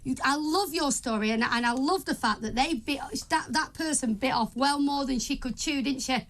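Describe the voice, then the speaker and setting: Woman co-host, chatty, supportive, slightly high voice. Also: moderate pace, fairly bright tone. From Manchester, England. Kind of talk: talk show panel discussion.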